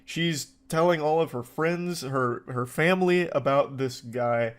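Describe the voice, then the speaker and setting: A man's voice: fairly high pitch, measured pace. Sarcastic man mocking online posts. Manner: mocking, dry and incredulous. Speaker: commentator reading online posts. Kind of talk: sarcastic reaction commentary.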